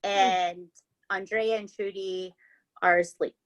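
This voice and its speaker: A woman's voice: mid-range voice, steady tone, slow pace, dull audio. A woman hosting a podcast, telling a true-crime story in a casual, chatty way, swearing freely and checking in with "right?" and "okay?". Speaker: podcast host.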